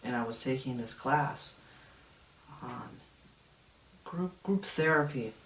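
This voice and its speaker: Man in his thirties, slow confessional testimony, mic set back in a roomy space. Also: mid-range voice, animated, a bit bright, a little hiss or hum. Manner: reflective, confessional storytelling. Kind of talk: personal testimony vlog. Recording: echoey room, mic at a distance.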